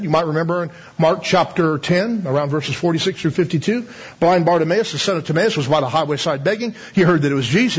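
A man's voice: on the high side, breathy edge. A man preaching a sermon in a conversational way, asking the audience questions and laughing now and then. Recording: slightly dull lo-fi sound.

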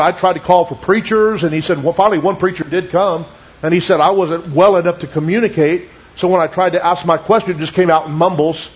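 A man preaching a sermon, retelling a testimony with many asides and quoting it in slow, lowered tones. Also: slightly rough. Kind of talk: sermon storytelling. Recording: dull lo-fi recording.

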